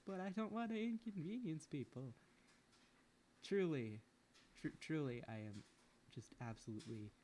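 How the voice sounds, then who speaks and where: Young streamer at home, chatty and self-deprecating, very animated delivery. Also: mid-range voice, slight background noise. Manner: rambling, swears freely, self-mocking. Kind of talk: casual chat while gaming.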